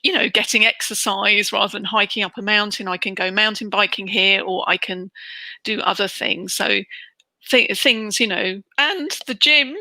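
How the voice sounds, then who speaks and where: Middle-aged British woman, interview guest, chatty and bright, dry close sound. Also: medium pitch, moderate pace, no echo. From United Kingdom. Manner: chatty, animated, acts out quoted voices. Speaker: interview guest, relocation trainer. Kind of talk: casual interview chat.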